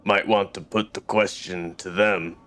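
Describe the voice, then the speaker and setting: Male actor voicing a gruff, folksy local in a computer game, deep monotone, smooth clear tone. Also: unhurried. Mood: weary folksy. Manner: folksy, drawling dialect. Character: gruff plain-spoken male city local.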